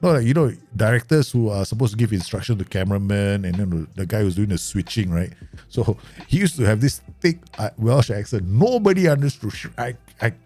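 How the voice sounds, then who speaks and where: Male streamer, low and a bit raspy, chatty live commentary, swears, laughs a lot. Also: lively intonation, fairly quick, dark tone, faint music behind. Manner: rambling, swears, laughs often. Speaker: game streamer. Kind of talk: casual live gameplay commentary.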